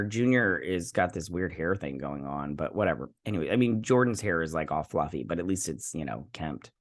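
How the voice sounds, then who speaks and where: A man's voice: deep voice, fairly bright tone. A man hosting a casual episode review, retelling scenes in a rambling way with snarky asides. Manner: rambling retelling with many "she's like" quotes. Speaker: host.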